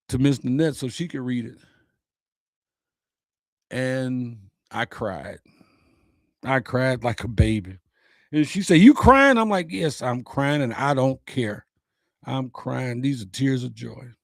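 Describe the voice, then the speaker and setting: Male host, slow deliberate motivational talk, somewhat high voice, dry close sound. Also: gravelly, darkish tone, no room sound. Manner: earnest, preacher-like, with repeated phrases. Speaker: host of an uplifting message show. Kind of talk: personal motivational message.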